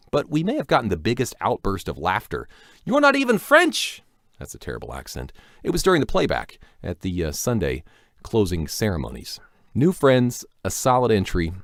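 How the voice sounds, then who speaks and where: A man's voice: lowish voice, brisk, vocal fry, no room sound, clean studio sound. A man working as a voice actor, narrating a chatty, self-deprecating recap of an event with rambling asides, recorded at his home setup. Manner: animated, playful delivery.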